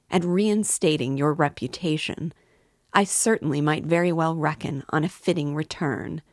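A pompous middle-aged man, read by a woman airs his grievance in a stiff, self-important tone. The delivery is low and slow. It is a storybook reading with dry close sound. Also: no echo.

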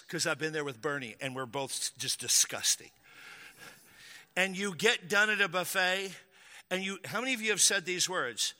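Pastor guy preaching, lively storyteller, bright cutting voice, lots of hall reverb. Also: fairly high pitch. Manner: lively storytelling, acts out quotes, jokes with the crowd. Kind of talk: sermon.

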